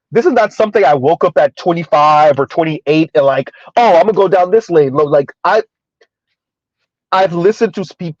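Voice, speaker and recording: Man, casual streamer commentary, rambling and conversational; slightly high voice, dry dull lo-fi sound. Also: a little mellow, no room sound. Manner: rambling, conversational, frequent "right?" and "like". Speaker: commentary streamer reading chat.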